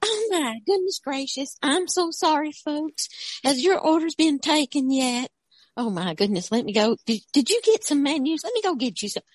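A woman's voice: high voice, lively intonation, normal speed, no echo, voice pushed up. Woman doing a flustered, fussing waitress. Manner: fussing, apologetic, exclaiming. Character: flustered apologetic restaurant waitress, adult woman.

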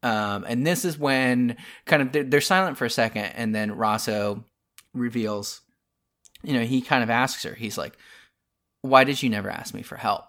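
A man's voice: medium pitch, normal speed, a bit bright. A man co-hosting a casual podcast, earnestly retelling comic scenes with many restarts and fillers. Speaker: podcast co-host.

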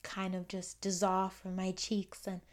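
A young woman hosting a solo podcast, speaking in an earnest, affirming way, often repeating phrases and trailing off quietly. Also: mid-range voice, monotone, measured pace. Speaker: podcast host. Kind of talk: reflective solo podcast monologue.

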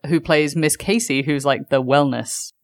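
A woman's voice: low-pitched, a little slow, no echo. Chatty woman co-host, dry close sound. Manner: chatty, loose, many fillers and restarts. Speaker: podcast co-host. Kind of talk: casual chat.

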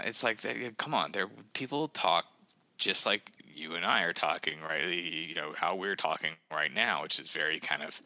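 Brief: male author guest, low-pitched, very forceful edge, rambling chatter full of restarts. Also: normal speed, dry recording. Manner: rambling, many fillers and restarts. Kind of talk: casual podcast chat.

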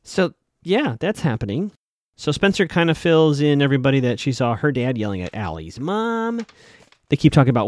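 A man's voice: mid-range voice, sing-song, moderate pace, darkish tone, no echo, studio quality. A man casually recapping a TV episode as a podcast host, chatty and rambling, often correcting himself.

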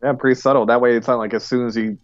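A man's voice: medium pitch, steady tone, very fast, no echo. A man co-hosting a podcast in casual chat, adding laid-back, agreeable asides. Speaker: podcast co-host. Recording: dull, slightly muffled mic.

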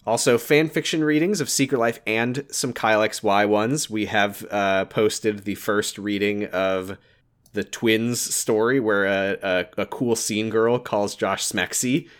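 A man's voice: fairly low pitch, steady tone, unhurried. A man casually wrapping up a podcast episode, loose and joking, with fillers and the odd swear. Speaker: podcast host.

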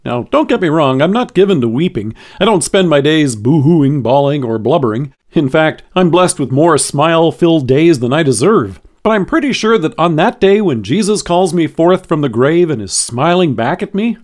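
A man giving a scripted devotional, reading scripture with expressive, dramatic delivery from a close studio mic. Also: a little high. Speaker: devotion speaker.

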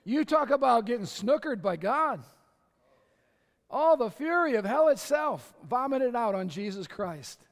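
A male pastor preaching an impassioned sermon that builds to shouts, recorded in a church sanctuary. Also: very high-pitched, sing-song, measured pace. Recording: echoey hall.

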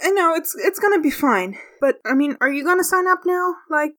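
A woman's voice: extremely high pitch, expressive, fairly quick, a bit bright, pitched above the performer's own voice. A woman voicing an anxious young male academic who stammers and repeats himself in a tabletop game. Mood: nervous.

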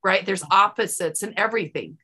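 A woman's voice: medium pitch, brisk, sharp tone, slightly rough. A woman hosting a podcast, chatting supportively and asking her guest questions. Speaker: podcast host. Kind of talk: conversational interview.

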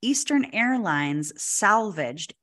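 A woman's voice: mid-range voice, slow. A woman co-hosting a podcast, telling a ghost story in casual chat with lots of "like" and acted-out quotes. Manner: animated, lots of "like", acts out quotes. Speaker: podcast co-host.

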